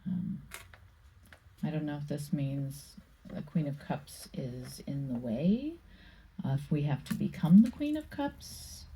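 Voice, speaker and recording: Slow, mellow-voiced woman reading tarot. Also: low-pitched, gravelly, a little hiss or hum, poor audio. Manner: slow, musing, thinks aloud with many pauses and fillers; reads card meanings aloud from a book. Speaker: tarot reader. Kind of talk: casual tarot card reading.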